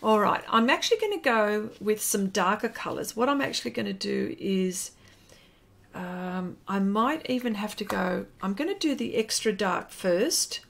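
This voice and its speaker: A woman's voice: mid-range voice, animated, moderate pace, creaky, a bit bright. An Australian woman chatting casually on a live stream while she paints, greeting viewers by name and rambling with fillers.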